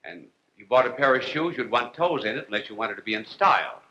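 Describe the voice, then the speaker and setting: A man speaks as a priest giving a lecture to a television audience. His voice is sharp and bright, and his delivery is wry and unhurried. He spaces his phrases out and drops his jokes with a straight face. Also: medium pitch, expressive, highs cut off, a little hiss or hum. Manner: wry, deliberate, with long pauses and dry jokes. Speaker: priest and TV host.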